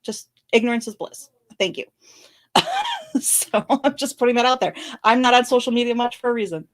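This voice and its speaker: Woman host on camera, tearful, fast and blunt, fairly high voice, frequent apologies. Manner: fast, blunt, candid talk with many apologies and restarts. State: tearful, crying on and off. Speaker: channel host commenting on a legal case. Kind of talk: emotional live-stream commentary. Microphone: camera recording.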